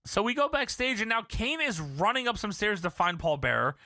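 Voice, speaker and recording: A man's voice: sits high, brisk, dry recording, clean studio sound. A man co-hosting a podcast, telling a wrestling recap in a casual, profane, laughing way. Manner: animated, profane, laughing storyteller. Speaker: podcast co-host.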